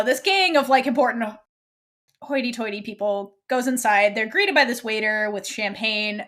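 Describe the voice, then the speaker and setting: Bright-voiced woman podcast co-host. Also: on the high side. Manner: animated retelling, acting out characters' lines. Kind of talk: casual episode recap.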